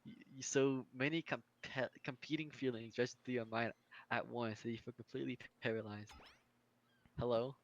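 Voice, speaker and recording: A man's voice: mid-range voice, fairly even intonation, moderate pace, highs cut off. A man playing through a dating game with a friend, reading its text aloud and joking about it, often laughing. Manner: laughs often, reads narration then jokes about it. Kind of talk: casual game playthrough, reading and riffing.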